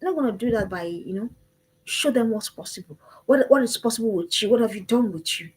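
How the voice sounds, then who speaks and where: Impassioned husky woman, exhorting. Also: a little high, expressive, a little fast, a little mellow, poor audio. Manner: impassioned, emphatic, repeats her calls to action. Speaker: parenting speaker. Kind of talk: motivational talk.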